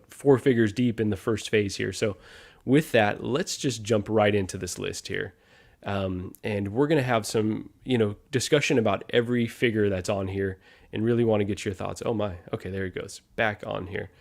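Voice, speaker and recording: A man's voice: on the low side, a little mellow. Upbeat man hosting a live stream. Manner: upbeat, greeting viewers one by one. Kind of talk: casual live stream chat.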